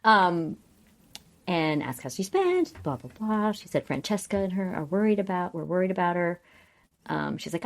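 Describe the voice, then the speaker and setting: A woman's voice: fairly low pitch, normal speed, gravelly. A young adult woman co-hosting a podcast, chatting casually and recapping scenes, often acting out what characters say. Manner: quotes characters in lively voices, chatty, laughs often. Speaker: podcast co-host.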